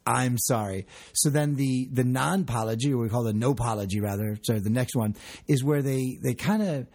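Husky-voiced man co-hosting a podcast. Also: medium pitch, brisk. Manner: laughing, animated, acts out quotes. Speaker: podcast co-host. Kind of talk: casual podcast chat.

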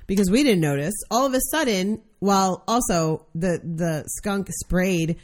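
A woman in casual chat, telling profane, expressive stories. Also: medium pitch, a little slow.

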